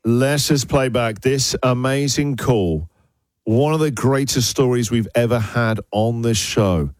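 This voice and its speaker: A man hosting a breakfast radio show, playful and lively, often jumping up in pitch for emphasis. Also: unhurried, dry recording.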